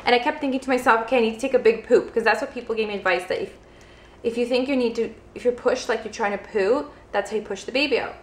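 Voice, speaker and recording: A woman's voice: on the high side, quick pace. Chatty young woman vlogger, roomy echo. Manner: chatty, heavy use of "like" fillers. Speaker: vlogger, first-time mother. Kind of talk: casual storytelling to camera.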